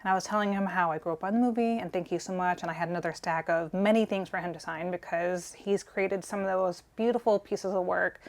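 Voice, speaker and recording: A woman's voice: fairly low pitch, quick pace, hardly any pauses. A woman in her forties co-hosting a collectors' vlog, telling a story in an earnest, sentimental, gushing way. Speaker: collector co-host.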